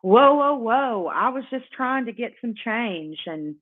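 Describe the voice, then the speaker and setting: A woman's voice: a little high, expressive, unhurried. A woman quoting a pushy strange man who keeps repeating himself. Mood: startled. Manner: insistent, repeats words. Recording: tinny phone-like audio.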